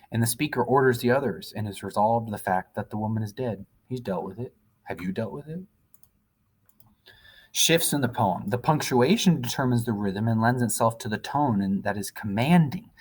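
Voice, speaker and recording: A male teacher going through a poem in a recorded lesson, explaining step by step and checking in with "okay?". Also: mid-range voice.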